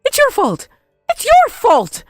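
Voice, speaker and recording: A woman's voice: fairly high pitch, wildly swooping pitch, a little mellow, dry recording, clean studio sound, faint music behind. A woman voicing a shameless older mother-in-law who blames everyone but herself, in a dramatized story. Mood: defiant. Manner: defiant, self-pitying, quick to blame.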